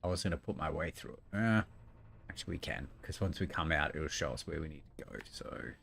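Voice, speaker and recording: A man's voice: a bass voice, animated, fairly quick, gravelly, fairly bright tone, faint music behind. A man giving casual gameplay commentary, thinking aloud as he plays, often mumbling and trailing off. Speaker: gameplay streamer.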